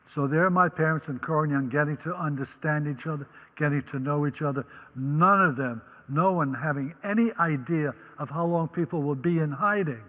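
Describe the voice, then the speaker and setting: A man's voice: a little high, normal speed, few pauses, a bit bright, in a large hall, poor audio. An older man from the Netherlands, a Holocaust survivor, telling his life story vividly and acting out the voices he quotes. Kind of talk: personal storytelling talk.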